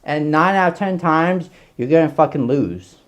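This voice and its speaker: Man, casual reaction vlog, rambling, swears constantly, excitable. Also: a little high, moderate pace. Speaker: furry content creator.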